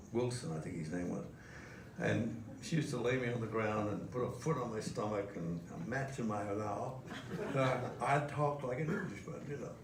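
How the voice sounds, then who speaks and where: An older man, a guest at a live stage interview, telling anecdotes with chuckles. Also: medium pitch. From Australia. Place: museum event hall with audience. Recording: echoey hall from far off, noisy.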